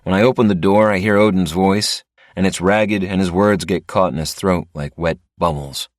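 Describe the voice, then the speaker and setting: Deep male audiobook narrator. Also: steady tone, normal speed, dry recording, studio quality. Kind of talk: first-person audiobook narration.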